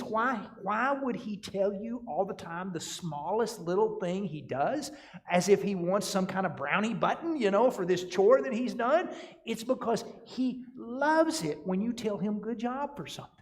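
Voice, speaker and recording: A man's voice: sits high, normal speed. A man giving a marriage workshop talk, telling folksy stories and acting out the quotes. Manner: folksy storytelling, lively voice, acts out quotes. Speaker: workshop speaker.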